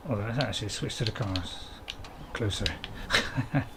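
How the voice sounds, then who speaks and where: A man's voice: lowish voice, normal speed, background noise. A man, casually commenting on a farming game while streaming and chatting to viewers in a rambling, self-mocking way.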